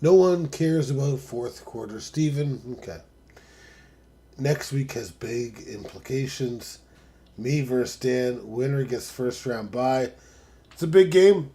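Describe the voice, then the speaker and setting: A man hosting a live stream, talking casually and profanely, dropping to mutters and then rising to excited shouts. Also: medium pitch, takes it slowly.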